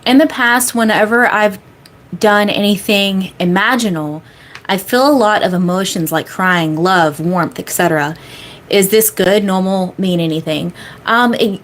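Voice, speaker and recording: A woman's voice: mid-range voice, a little slow. Chatty woman hosting a live Q&A. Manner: chatty, rambling, frequent fillers; emphatic, repeats key phrases. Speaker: manifestation coach. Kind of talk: casual live-stream Q&A.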